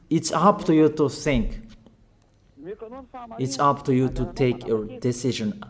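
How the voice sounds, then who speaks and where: Male preacher, slightly high-pitched, deliberate unhurried delivery, emphatic and repetitive sermon style. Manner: slow, halting phrasing with fillers.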